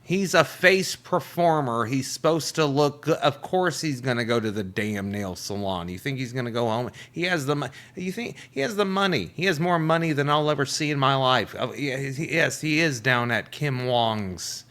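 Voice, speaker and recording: A man hosting a comedy show, delivering a casual, profane monologue and jumping into quick quoted voices. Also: medium pitch, lively intonation, a bit bright.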